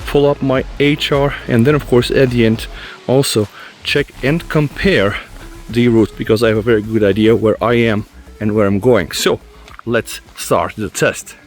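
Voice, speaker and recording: A man out of breath from fast walking on a forest trail, chatting casually to his viewers as he reviews a gadget. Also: mid-range voice, fairly even intonation, faint music behind. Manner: chatty, addresses viewers as guys. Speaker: tech reviewer. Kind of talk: casual walk-and-talk review.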